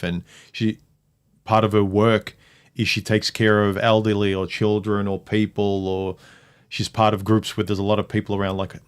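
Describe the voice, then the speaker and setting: A man's voice: fairly low pitch, smooth. A man hosting a casual livestream chat, reading viewer comments aloud and reacting to them. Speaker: livestream host.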